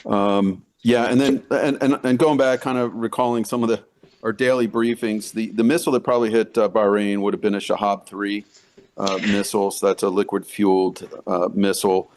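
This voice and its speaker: A man speaking as a guest military analyst in a live news interview, halting and full of fillers and restarts. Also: on the low side, fairly even intonation, darkish tone, a little hiss or hum.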